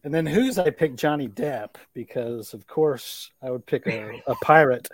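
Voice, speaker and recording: A man's voice: medium pitch, a little slow, no room sound. Hesitant man in a dry room. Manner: hesitant, repeats words. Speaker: podcast co-host. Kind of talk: casual chat.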